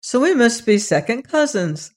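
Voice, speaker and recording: A reader voicing a cheerful young farm boy in an audiobook, slightly higher and brighter than the narration. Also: animated, measured pace. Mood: cheery. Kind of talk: audiobook character reading.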